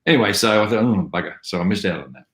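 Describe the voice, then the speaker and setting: Older man, Australian accent, deep voice, rambling anecdotes, roomy echo, video call. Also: very fast. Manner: rambling, animated storytelling with mimicry. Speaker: actor guest. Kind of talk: casual interview anecdotes.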